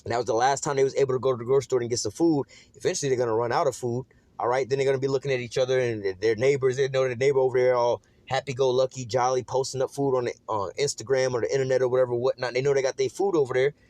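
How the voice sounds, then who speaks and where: A man talks through scripture at a brisk clip, casual and streetwise, leaning on "man" and "all right" between thoughts. His voice sits at an ordinary middle pitch and comes across close and dry. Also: steady tone, darkish tone, no room sound. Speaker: Bible teacher. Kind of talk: informal scripture study.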